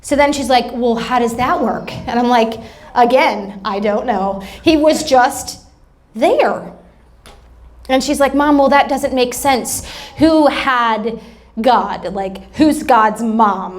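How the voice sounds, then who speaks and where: A woman pastor giving a sermon, telling humorous family stories in a chatty way. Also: on the high side. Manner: chatty, humorous anecdotes with acted-out quotes. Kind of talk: sermon storytelling.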